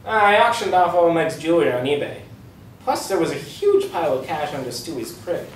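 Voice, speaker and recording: A dim, boastful cartoon dad read by a man blurts out lines in a loud, goofy way. His voice is raised and bouncy, heard from a distance in an echoey room. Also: on the high side, very animated, fairly quick. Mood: pompous. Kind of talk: script table read. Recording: roomy room, distant mic, faint hiss.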